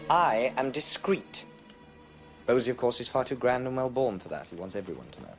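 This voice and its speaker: An earnest, loyal Victorian friend. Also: male voice, medium pitch, very animated, brisk, soft background music.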